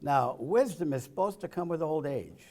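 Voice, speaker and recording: A man with a slightly higher than usual voice giving a joke-filled political speech. He delivers one-liners, chuckles at his own punchlines, and drops from loud jabs to low asides. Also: animated, moderate pace. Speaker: political speaker.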